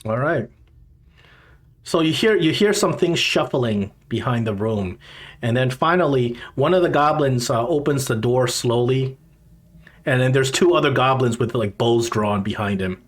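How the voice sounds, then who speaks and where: A man running a tabletop game, describing scenes in a loose, rambling way with plenty of fillers. His voice sits at an ordinary middle pitch. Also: expressive, unhurried. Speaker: game master.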